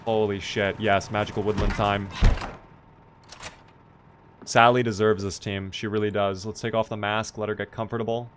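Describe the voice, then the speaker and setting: A man's voice: lowish voice, level tone, normal speed, long pauses, slight background noise. A man casually commenting on his gameplay on a live stream, chatty and playful, joking with his chat.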